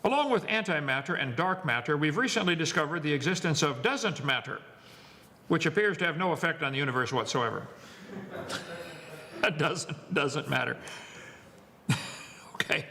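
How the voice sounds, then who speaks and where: A man's voice: fairly high pitch, animated, moderate pace, long pauses, pushed and bright, long reverb tail, slight background noise. A man giving a lecture to an audience, wisecracking, preachy and emphatic. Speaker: seminar speaker.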